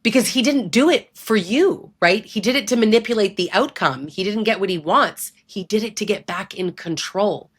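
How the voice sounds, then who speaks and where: A woman's voice: medium pitch, expressive, moderate pace, hardly any pauses, slightly rough. A woman giving blunt, emphatic advice straight to the listener, conversational and often checking in with "right?". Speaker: relationship abuse educator. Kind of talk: direct-to-camera advice talk.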